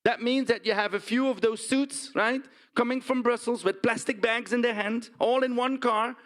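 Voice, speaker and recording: An actor with a Dutch accent plays a blunt, indignant pig farmer in a stage monologue, often tagging lines with "huh?" and "right?". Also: male voice, extremely high pitch, moderate pace. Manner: blunt, animated storytelling with frequent "huh?" and "right?" tags. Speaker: stage performer. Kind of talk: theatrical monologue.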